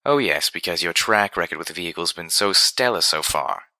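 A man's voice: low voice, lively intonation, fairly quick, pushed and bright, no room sound, exaggerated voice. A man playing a prim, arch mare pony. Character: refined female unicorn pony, prim and dramatic.

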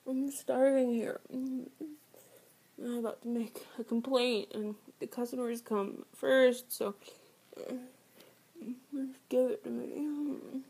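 A woman performing an adult audio role-play, teasing and sarcastic, often slipping into soft whispers. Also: on the high side, steady tone, slow, long pauses, slightly rough.

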